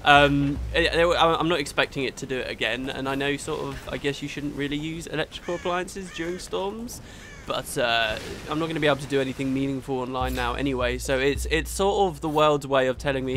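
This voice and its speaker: Young guy doing game commentary at home, kinda high and bright, rambly chatty vibe, faint hiss behind him. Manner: chatty and rambling, quick reactions to gameplay. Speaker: let's play host. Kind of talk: gameplay commentary. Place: home room during a thunderstorm. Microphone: desktop mic recorded in Audacity.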